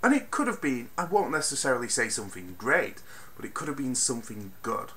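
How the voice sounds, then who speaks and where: A man giving a casual spoken film review, animated and ranting, swinging from mutters to loud bursts and swearing freely. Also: medium pitch, a little fast. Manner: swears freely, exasperated rants.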